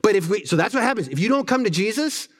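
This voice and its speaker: A middle-aged man preaching with a fairly high-pitched voice. He talks earnestly and conversationally, repeats words as he goes, and drops in quick asides to the congregation. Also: expressive. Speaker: pastor. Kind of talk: sermon.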